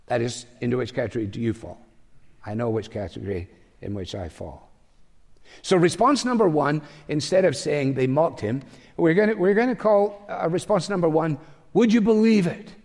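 Older male preacher, fairly high voice, wry and conversational, long reverb from a church hall. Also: lively intonation, normal speed, creaky, darkish tone. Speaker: pastor. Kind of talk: sermon.

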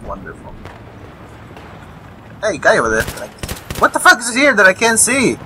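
Pitched high with huge swings, a young man's sharp voice moves at normal speed while he commentates a game live, rambling, swearing, and chuckling at foes. It's a low-quality recording with slight hiss or hum, backed by faint gunfire, vehicles, and in-game explosions.

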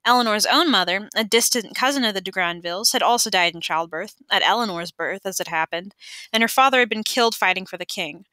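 Bright-voiced woman reading an audiobook. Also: medium pitch, a little fast, dry recording. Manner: plain reading with occasional stumbles. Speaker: amateur audiobook reader. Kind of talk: audiobook narration.

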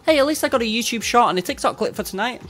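Blunt, swearing streamer. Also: male voice, very high voice, animated, rapid-fire, fairly bright tone, soft background music. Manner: blunt, swears freely, frustrated banter with chat. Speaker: game streamer. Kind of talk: casual livestream chat.

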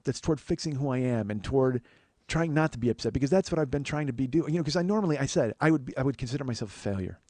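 A man's voice: animated, very fast, mellow, no echo. A man hosting his own podcast, telling a personal story and speaking earnestly to his listeners, with plenty of swearing. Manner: profane, earnest, confessional; acts out quoted voices in a higher pitch. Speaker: podcast host. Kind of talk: solo storytelling monologue.

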